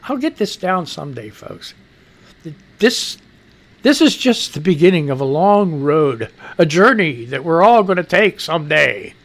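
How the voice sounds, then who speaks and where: A man's voice: on the high side, big pitch swings, a little slow. A middle-aged American man hosting a live radio news show, rambling and profane, talking back to himself as he reads the news. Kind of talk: casual live-stream news commentary.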